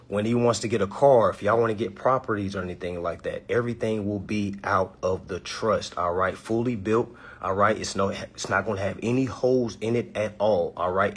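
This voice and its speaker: A man making a casual sales pitch, checking in with "all right?" after nearly every point. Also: fairly bright tone, breathy edge. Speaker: estate planning seller.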